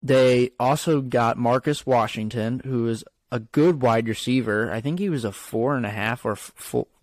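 A man's voice: medium pitch, normal speed, darkish tone, dry recording. A man co-hosting a podcast, chatting casually about football with lots of fillers and restarts. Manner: rambling, filler-heavy. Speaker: podcast co-host. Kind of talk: casual sports chat.

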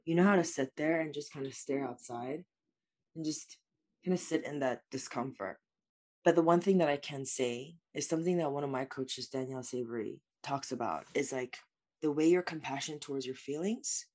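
A woman's voice: low-pitched, normal speed, darkish tone. A woman speaking as a life coach guest in an interview, answering in an earnest, reflective way with many "like" fillers.

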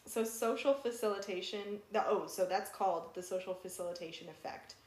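A woman's voice: mid-range voice, a little fast, darkish tone. Chatty young woman podcast co-host. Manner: chatty, laughs often, filler-heavy. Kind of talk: casual chat. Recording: roomy echo.

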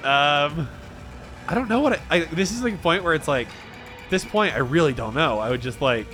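A man's voice: fairly high pitch, animated, moderate pace, bright, forceful tone, soft background music. A man playing along in an improvised horror game, joking, rambling, and letting out mock-panicked yelps. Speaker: player. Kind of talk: casual improvised game play.

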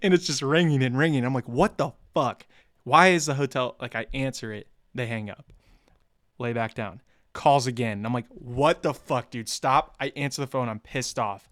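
A man's voice: medium pitch, brisk, a bit bright, no echo, studio quality. A young man, co-host of a podcast, telling a rowdy story in casual chat, swearing and laughing as he goes.

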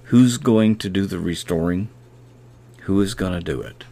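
A man hosting a devotional podcast, reading Bible verses slowly and repeating key phrases. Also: deep voice, animated, warm tone, slight background noise. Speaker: podcast host.

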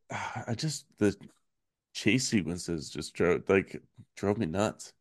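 A man with a deep, low voice hosts a casual podcast chat, rambling along with fillers and easy laughs. The recording is dry and close, with no room sound. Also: lively intonation, slow, no room sound. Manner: laid-back, rambling with fillers and soft laughs. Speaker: podcast host.

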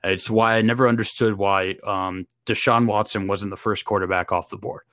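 A man's voice: on the low side, steady tone, normal speed, fairly bright tone, no echo. A young man hosting a casual sports podcast, slangy and laid-back, often laughing. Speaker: podcast host.

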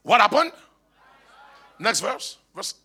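A man's voice: high voice, sing-song, slow pace, creaky, bright, forceful tone, slightly rough. A man, a bishop preaching emphatically in church and calling on the congregation to respond. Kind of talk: sermon. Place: church hall.

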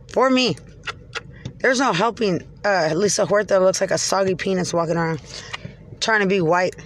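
A woman's voice: medium pitch, a little hiss or hum. A woman from Texas, ranting from inside her car in an agitated, profane, rambling way. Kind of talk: angry rambling rant.

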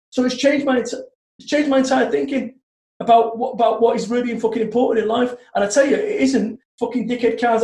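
A motivational speaker in his forties tells stories on a podcast conversation, blunt, animated and swearing plenty. His voice is extremely high-pitched and fast, with vocal fry and a reverberant sound.

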